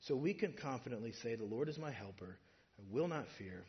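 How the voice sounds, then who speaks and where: A man's voice: mid-range voice, expressive, a little fast, lo-fi sound. A man preaching a sermon in a church, in a conversational way that builds to emphatic points. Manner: conversational, rising to emphatic, acts out imagined speakers.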